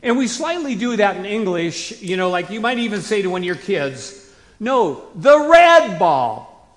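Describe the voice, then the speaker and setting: A man preaching a conversational sermon to his congregation in a folksy way, rising to emphatic bursts and dropping to quiet asides. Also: sits high, lively intonation, fairly quick. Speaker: pastor. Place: church sanctuary. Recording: long hall reverb.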